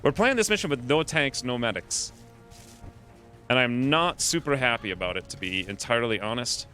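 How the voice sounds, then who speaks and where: A man's voice: mid-range voice, animated, normal speed, pushed and bright, soft background music. A man giving playful live commentary while streaming a game, coining silly nicknames as he plans each move.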